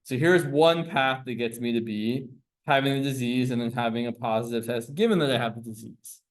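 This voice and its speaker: Male teacher, classroom lecture, medium pitch, explanatory, self-correcting. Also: brisk.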